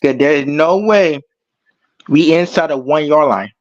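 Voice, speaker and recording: A man's voice: fairly high pitch, a little slow, no echo. Heated man ranting over a muffled call. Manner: heated, profane, repeats himself. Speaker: caller on a fan show. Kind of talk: angry fan rant.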